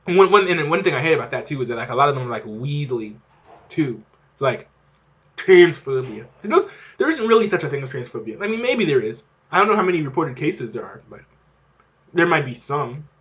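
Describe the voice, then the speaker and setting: A man's voice: on the high side, sing-song, brisk, a bit bright. A young man hosting a podcast, talking in a casual, rambling monologue with many fillers and restarts. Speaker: podcast host.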